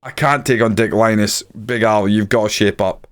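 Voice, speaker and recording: Low, smooth-voiced man calling a game. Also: moderate pace. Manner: excitable play-by-play, muttering asides. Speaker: gaming YouTuber. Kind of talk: video game commentary.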